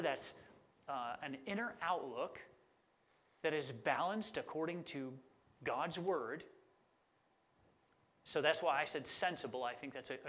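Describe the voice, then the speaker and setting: A man's voice: medium pitch, a bit bright, slight background noise. A middle-aged man preaching a sermon as a pastor, conversational and enthusiastic about word meanings.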